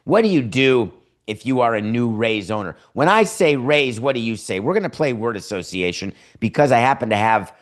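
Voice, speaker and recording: A man hosting a sports talk show from his home studio, sarcastic and mocking as he riffs on team owners. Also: lowish voice. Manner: sardonic, mocking impressions of owners. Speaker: podcast host.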